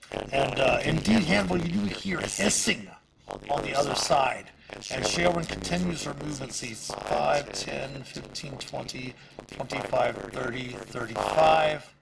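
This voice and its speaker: A man's voice: medium pitch, expressive, measured pace, creaky, crowd noise, low-quality recording. A man narrating as game master in casual, filler-heavy speech. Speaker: dungeon master.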